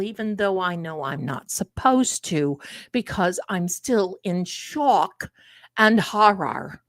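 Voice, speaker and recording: A chatty woman talks to her live-stream viewers in an unhurried, animated way, calling them her loves. Her voice sits at a middle pitch and sounds close and dry, with no room around it. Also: dry recording. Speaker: livestream host. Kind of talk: casual live-stream chat.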